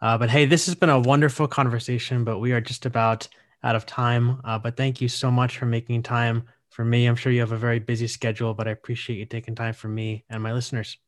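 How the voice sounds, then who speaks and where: A man's voice: medium pitch, level tone, fast. A man hosting a podcast interview, giving brief affirmations and wrapping up the show. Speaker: podcast host.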